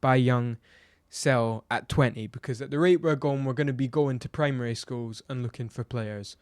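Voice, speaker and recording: A man's smooth, slightly mellow, medium-pitched voice moves at normal speed in a dry studio recording. Despite that tone, he's bluntly exasperated, ranting about a football match and firing rhetorical questions in an opinionated review vlog.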